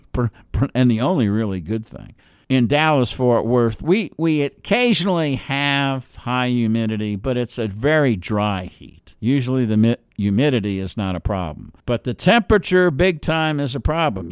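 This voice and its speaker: A man with a New Jersey accent delivers an opinionated monologue, his pitch rising and falling animatedly. He leans on rhetorical questions and sarcastic asides. His voice is smooth and resonant, recorded dry with no room sound. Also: no echo. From New York City and New Jersey area.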